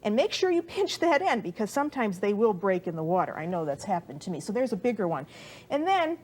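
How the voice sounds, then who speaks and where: A woman's voice: mid-range voice, very animated, a little fast, slight background noise. A middle-aged woman hosting a cooking show, chatting to viewers as she works dough in a studio kitchen. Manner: warm, chatty, talks to the viewer while kneading dough.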